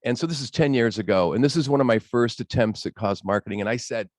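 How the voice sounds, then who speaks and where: A man's voice: medium pitch, fast, dry recording. Earnest storytelling man, dry sound. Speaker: roofing company owner, panel guest. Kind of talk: casual panel chat.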